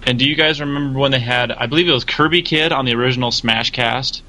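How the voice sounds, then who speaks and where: A man co-hosting a casual gaming podcast, talking in an animated way, laughing often and acting out little quotes. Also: medium pitch, quick pace, slight background noise, rough recording. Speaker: podcast co-host.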